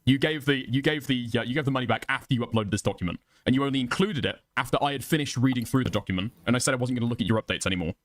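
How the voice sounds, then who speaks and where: Rapid-fire man pressing hard with accusations. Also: mid-range voice, no echo. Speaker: streamer covering drama. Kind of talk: pressing questioning.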